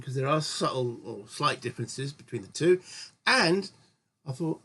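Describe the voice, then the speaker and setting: A man's voice: on the high side, lively intonation, moderate pace, a bit bright, slightly rough. A man hosting his own gaming channel, chatting through a solo board game session in a rambling way and often correcting himself. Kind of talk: casual solo board game let's-play commentary.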